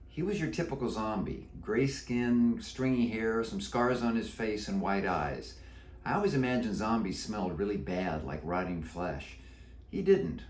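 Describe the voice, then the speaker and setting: A man, the author, reading his book aloud in an animated, playful storybook narration. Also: lowish voice, a little hiss or hum. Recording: echoey room.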